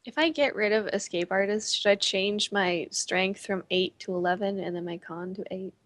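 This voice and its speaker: A woman of ordinary pitch playing in a casual tabletop game. She is blunt and playful and swears freely as she talks. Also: normal speed, a bit bright, dry recording. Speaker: player.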